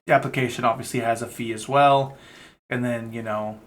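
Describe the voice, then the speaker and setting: Young man, casual vlog chat, rambling, candid, swears a lot, middle-pitched voice. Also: steady tone, brisk. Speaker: vlogger.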